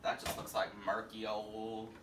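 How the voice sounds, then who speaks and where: A man's voice: lowish voice, monotone, unhurried, noisy background. A man from Tennessee, hosting a camp, rambling, crude comic drinking-game video from his bedroom. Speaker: vlog host. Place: bedroom at home.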